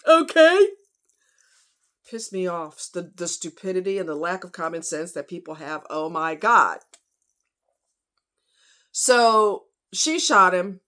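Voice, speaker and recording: Speaking a little slowly, a woman with a lowish voice and a sharp tone hosts a casual true crime vlog. She's outspoken and heated, talking bluntly and with fire to her viewers, calling them y'all and honey.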